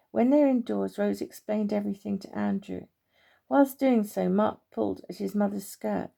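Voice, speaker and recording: A woman, gently reading a children's story aloud. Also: mid-range voice, normal speed, creaky.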